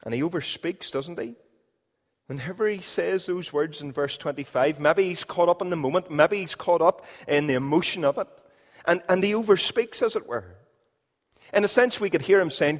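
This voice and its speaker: A man preaching a sermon in a church, emphatic, repeating key phrases and swinging between loud and quiet. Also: fairly high pitch, lively intonation, moderate pace, in a large hall. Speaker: pastor.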